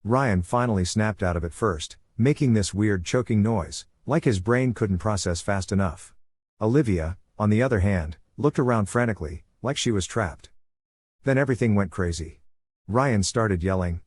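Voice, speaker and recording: A man narrating a first-person drama story in a calm, cool tone. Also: lowish voice, normal speed, breathy edge, dry recording, clean studio sound.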